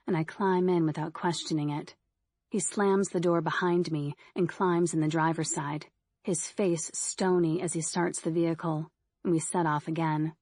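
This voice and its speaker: Woman, audiobook narrator, low voice, steady measured first-person horror narration, dry close studio mic. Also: dry recording.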